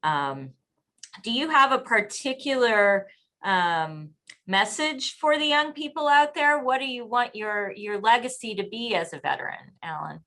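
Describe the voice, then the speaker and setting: A woman interviewing a guest, measured and appreciative as she frames her questions. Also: a little high, animated, pushed and bright.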